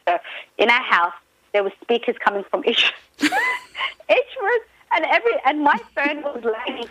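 A woman guest in a casual radio chat, telling stories with lots of fillers and excited jumps in pitch. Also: dry recording, poor audio. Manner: animated storyteller, many fillers, pitch jumps when excited. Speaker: pop culture guest.

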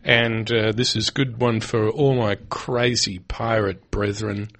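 A man co-hosting a radio show, chatting and telling stories in an animated way. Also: on the low side, slow. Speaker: radio co-host. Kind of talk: casual radio chat. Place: radio studio.

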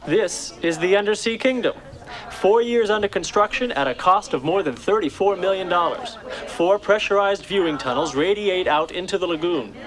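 A man's voice: high voice, moderate pace, a bit bright. An actor playing a proud marine park manager who shows off the complex like a salesman. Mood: boastful. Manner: promotional, showman-like. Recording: film audio with crowd behind.

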